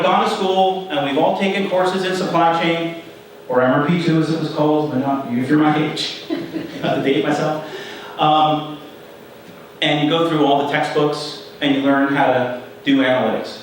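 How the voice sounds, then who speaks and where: A middle-aged man giving a conference talk, telling a story in a conversational, animated way and acting out the people in it. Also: on the high side, a little hiss or hum. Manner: conversational, animated retelling with quoted voices. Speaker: conference speaker. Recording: echoey hall from far off.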